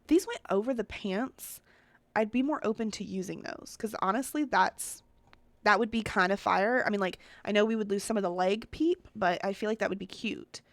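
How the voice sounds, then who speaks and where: A woman's voice: mid-range voice, normal speed, no echo. A woman giving casual, chatty commentary as she builds characters in a life-sim game, thinking aloud and often talking straight to her viewers. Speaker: Sims content creator.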